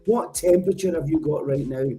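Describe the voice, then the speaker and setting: Through a headset mic, a Scottish host runs a live show, speaking briskly in a mellow, soft voice a bit higher than most men's, with faint music behind him. His chat is casual and jokey, and he rambles while correcting himself.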